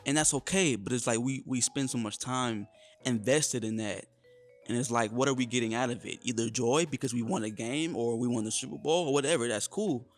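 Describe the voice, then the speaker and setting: A man co-hosting a casual podcast chat, talking in an animated way and often calling his partner "bro". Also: mid-range voice, brisk, soft background music. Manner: animated, peppers speech with "bro". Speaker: podcast co-host.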